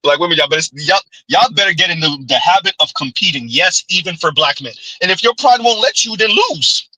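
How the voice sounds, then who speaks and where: A man's voice: high-pitched, expressive, a little fast, sharp tone, breathy edge, no room sound, rough recording. A man giving a ranting commentary vlog, blunt and preachy, with sarcastic laughs and rhetorical asides. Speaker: commentary vlogger.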